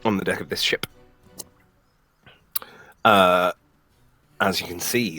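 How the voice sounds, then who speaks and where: A man's voice: low-pitched, fairly even intonation, takes it slowly, long pauses, sharp tone, dry recording. A man narrating a tabletop game as game master, in a rambling, self-deprecating way.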